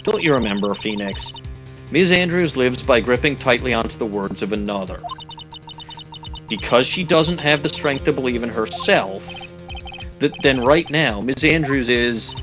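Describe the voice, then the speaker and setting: A man voicing a cool, composed male prosecutor who lectures calmly. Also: mid-range voice, moderate pace, over music, close to an everyday voice. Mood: cool, lecturing.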